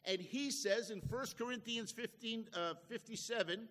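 A man's voice: very high-pitched, normal speed, few pauses, fairly bright tone, long reverb tail. A man preaching a sermon as a pastor, with folksy, conversational asides.

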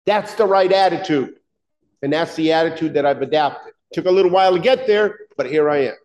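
Guy with a high voice preaching, punchy and chatty, keeps firing rhetorical questions at the crowd. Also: brisk, a little mellow, muffled recording. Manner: emphatic, conversational, full of rhetorical questions. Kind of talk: sermon.

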